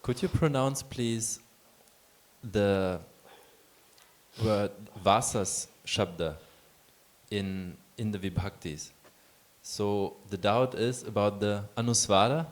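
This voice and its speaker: A man in the audience, asking a question in a rushed, brisk way. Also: fairly low pitch.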